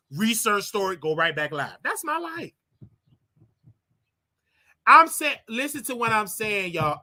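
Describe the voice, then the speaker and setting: A man hosting a casual livestream, talking straight to his viewers in an animated, repetitive way with preachy asides. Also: high voice. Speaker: livestream show host.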